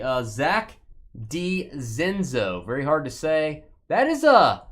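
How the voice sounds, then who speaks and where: A man hosting a live sports card break stream, chatting casually with playful, rambling jokes. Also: fairly high pitch. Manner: playful, rambling, jokey asides while opening packs.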